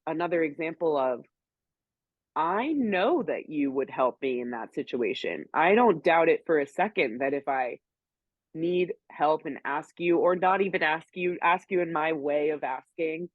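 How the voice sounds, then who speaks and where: A woman's voice: low-pitched, expressive, unhurried, no echo. A young woman co-hosting a podcast, rambling openly and self-reflectively in casual chat. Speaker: podcast co-host. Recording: thin phone-like line.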